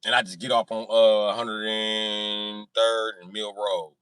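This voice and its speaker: A man's voice: lowish voice, little pitch movement, takes it slowly, a bit bright, clear, resonant tone, no echo. A man telling profane stories casually on a live stream, acting out sounds and voices. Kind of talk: casual storytelling.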